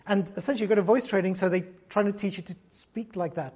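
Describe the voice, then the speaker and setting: A man in his fifties from Gibraltar, a former broadcast journalist, gives a university lecture in a reflective, conversational way, thinking aloud as he goes. His high voice is lively in intonation, fast, darkish in tone and slightly rough. The audio sounds dull.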